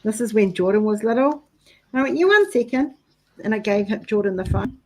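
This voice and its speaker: A woman's voice: medium pitch, fast talker, warm tone, low-quality recording. A woman, chatting casually and telling funny stories with frequent laughter. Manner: chatty storyteller, laughs often. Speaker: host. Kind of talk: casual chat while doing craft work.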